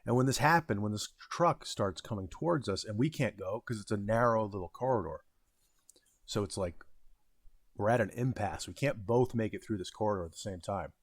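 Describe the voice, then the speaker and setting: With a fairly low pitch and lively intonation, a vlogger in his thirties talks a little fast about his retail job. The story is casual, rambling, and self-deprecating, dotted with fillers and false starts, and there's no room sound.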